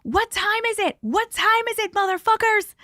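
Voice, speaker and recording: A woman's voice: very high voice, normal speed, no echo, clean studio sound, voice pushed up. A woman playing a furious mother who screams defiantly and curses at dream figures. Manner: shouting, defiant, cursing.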